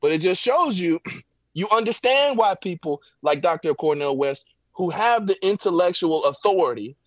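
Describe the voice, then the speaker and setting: A man's voice: high voice, lively intonation, moderate pace, no echo, muffled recording. A man giving impassioned political commentary from home, emphatic and preacherly, with rhetorical "right?" tags. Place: home, backyard visible.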